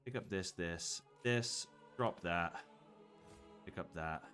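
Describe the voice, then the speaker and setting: A man's voice: sits low, slow pace, a bit bright, soft background music. A man streaming a game, chatting casually and muttering to himself as he picks options. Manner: rambling, mutters to himself while picking options. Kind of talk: casual gameplay chat.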